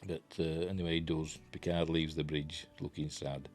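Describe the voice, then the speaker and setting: Rambling Yorkshire man, very deep voice. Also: little pitch movement, moderate pace, a little mellow, soft background music. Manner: rambling, filler-heavy, enthusiastic. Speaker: TV review vlogger. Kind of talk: casual spoken review.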